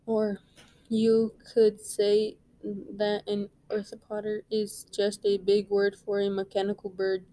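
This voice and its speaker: A woman, a reading teacher, reading a novel aloud in a plain, unhurried way with small slips. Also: mid-range voice, dark tone, dry recording, poor audio.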